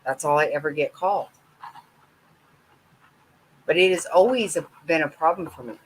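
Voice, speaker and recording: A woman's voice: low voice, moderate pace, a little hiss or hum, low-quality recording. A middle-aged woman talking bluntly and candidly with her viewers in a casual live-stream chat. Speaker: vlogger chatting with viewers.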